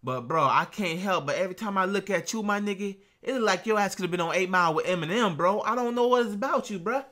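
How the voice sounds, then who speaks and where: A man's voice: high-pitched, fast talker, few pauses, pushed and bright. Brash slangy young man ranting. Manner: brash slangy trash talk, keeps saying bro and man. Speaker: YouTube reaction host. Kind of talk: casual reaction vlog rant.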